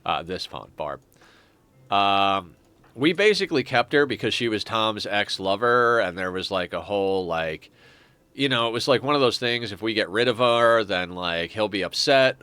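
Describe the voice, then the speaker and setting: A man's voice: lowish voice, animated, moderate pace, bright, forceful tone, clean tone, dry recording. A man streaming a strategy game, thinking aloud in a rambling, casual way with frequent restarts. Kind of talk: casual gameplay commentary.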